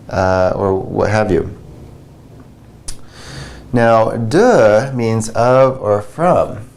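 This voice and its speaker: A man's voice: fairly low pitch, slow pace, gravelly, long pauses, darkish tone. A man teaching beginner French grammar in a patient, conversational way, repeating and explaining examples.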